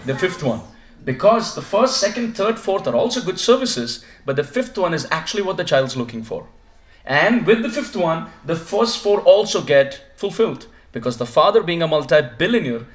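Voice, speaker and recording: High, lively male preacher in an echoey room. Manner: lively storytelling, acts out passers-by. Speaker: visiting preacher. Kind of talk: devotional class with a story. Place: living room of a home gathering.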